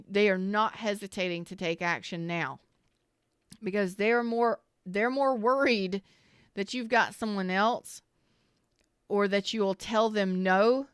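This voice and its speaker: A woman's voice: mid-range voice, clear, resonant tone, no room sound. A woman giving a live-streamed tarot reading, talking in a rambling, candid and emotional way with casual swearing while close to tears. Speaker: tarot reader.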